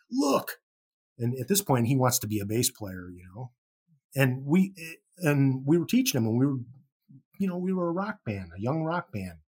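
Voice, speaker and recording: Husky-voiced man telling a rock story. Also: medium pitch. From Chicago, USA. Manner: animated, swears casually, restarts often. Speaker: podcast guest, rock musician. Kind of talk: anecdotal storytelling.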